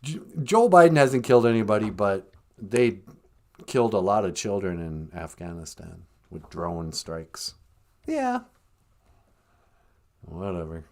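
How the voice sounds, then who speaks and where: A man's voice: low voice, normal speed, a little mellow. A man hosting a comedic podcast, joking sardonically and laughing at his own jokes. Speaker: podcast host.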